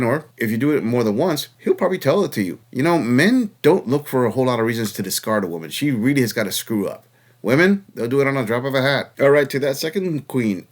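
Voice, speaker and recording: Man, host, reaction commentary, sarcastic, mocking, lecturing, mid-pitched. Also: animated, fast talker. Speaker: channel host reacting to clips.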